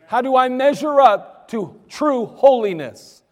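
In a church sanctuary with long reverb, a pastor preaches an emphatic sermon, acting out the voices he quotes. His voice is very high-pitched, with lively intonation and a measured pace.

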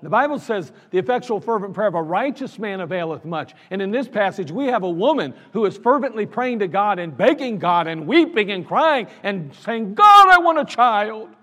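A man's voice: high-pitched, animated, fairly quick, hardly any pauses. A man preaching a sermon as pastor, in an earnest, conversational way with lots of repetition. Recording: long reverb of a large hall.

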